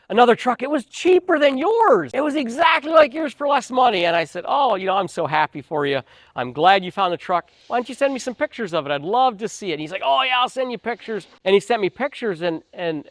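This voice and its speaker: A man's voice: sits high, dry recording. A middle-aged man, a truck dealer, giving earnest, emphatic sales advice and folksy stories straight to camera.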